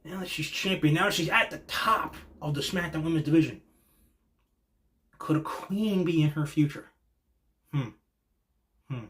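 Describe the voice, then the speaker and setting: Male show host, slightly high voice, casual reaction talk, excitable and slangy, drops quiet then gets loud. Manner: excitable and slangy, swings between hushed and loud.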